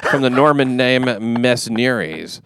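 A man hosting a casual comedy podcast, talking in a dry, deliberate way and reading news items aloud. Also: mid-range voice, expressive, background noise. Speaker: podcast host.

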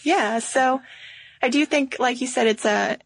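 A woman's voice: high voice, unhurried, creaky, no room sound. A woman co-hosting a podcast in friendly, conversational chat. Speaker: podcast co-host.

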